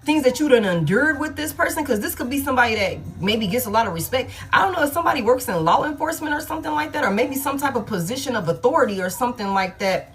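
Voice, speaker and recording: A woman reads tarot cards in a loose, blunt, profane way, thinking out loud as she goes. Her voice sits fairly high. Soft music plays underneath her. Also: lively intonation, quick pace, few pauses. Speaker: tarot reader. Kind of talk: collective love tarot reading.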